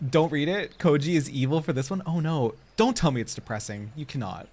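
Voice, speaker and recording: Animated, higher-voiced male streamer. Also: brisk. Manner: swears and laughs often, chats with viewers. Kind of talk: casual live-stream chat while gaming.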